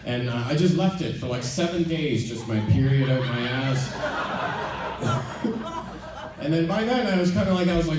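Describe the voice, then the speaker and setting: A man doing stand-up, telling a rambling, self-deprecating story with halting ums and restarts. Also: a little high, animated, noisy background. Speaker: stand-up comedian. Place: theater stage before a live audience. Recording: echoey venue from far off.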